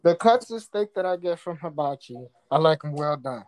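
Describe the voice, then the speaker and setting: A young man chatting casually on a podcast as a guest, telling stories in relaxed slang. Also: on the high side, normal speed, low-quality recording. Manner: relaxed slangy storytelling, playful. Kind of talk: casual chat.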